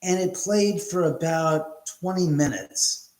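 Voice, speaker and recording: Swearing, animated man hosting a live stream. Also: a little high, takes it slowly, echoey room, rough recording. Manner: animated storyteller, swears freely. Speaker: host. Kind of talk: casual live-stream chat.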